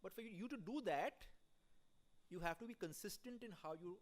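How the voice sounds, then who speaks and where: A man's voice: high voice, brisk. A man giving a conference keynote in a conversational way, putting questions straight to the audience in the hall. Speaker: keynote speaker at an audit conference.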